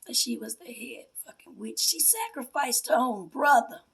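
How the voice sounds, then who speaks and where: A woman giving an emotional personal testimony aimed at her mother, confrontational and swinging between hushed whispers and a raised, accusing voice. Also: sits high, huge pitch swings, moderate pace, slightly rough. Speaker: self-styled spiritual priestess.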